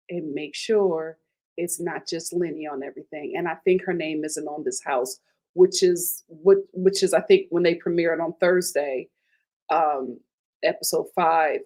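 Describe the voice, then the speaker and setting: A woman recaps a reality TV episode in casual talk, and she gets animated and emphatic as she goes. She repeats her punchlines for effect. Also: fairly low pitch. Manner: retells scenes in quoted voices. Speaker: host of a TV recap channel.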